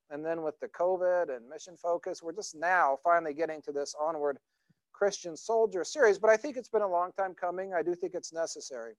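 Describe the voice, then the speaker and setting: Middle-aged pastor guy, high-ish voice, chatty sermon, dry close sound. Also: no echo. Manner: conversational storytelling with many fillers and restarts.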